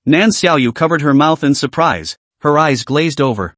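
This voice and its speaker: Lively male story narrator. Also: on the high side, normal speed, hardly any pauses, dry recording. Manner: steady storytelling read. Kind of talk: scripted narration.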